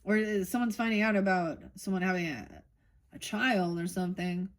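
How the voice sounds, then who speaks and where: A woman's voice: mid-range voice, fairly even intonation, normal speed. A middle-aged woman doing a casual tarot reading, thinking aloud, rambling and swearing offhandedly. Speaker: tarot reader.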